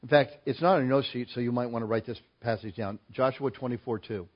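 A man's voice: medium pitch, fast. Emphatic male preacher, dull recording. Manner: emphatic, rising loud on key points. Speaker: pastor. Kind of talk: sermon.

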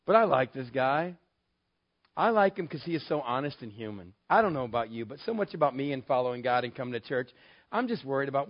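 A male pastor preaching a sermon in an emphatic, conversational way, telling the story with animation. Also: a little high. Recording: dull lo-fi sermon recording.

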